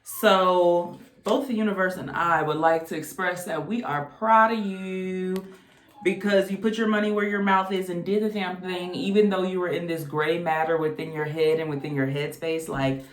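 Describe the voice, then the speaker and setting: A woman's voice: on the low side, steady tone, moderate pace. A woman casually reading tarot cards, chatty and exclamatory. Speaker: tarot reader. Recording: echoey room.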